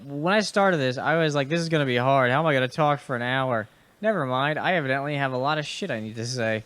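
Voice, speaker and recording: A man's voice: medium pitch, a bit bright. A young man hosting a casual gaming podcast, rambling and chatty as he plays, with fillers, restarts and casual swearing. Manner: swears casually and talks to enemies on screen. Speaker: host and gamer. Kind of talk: casual gaming podcast commentary while playing.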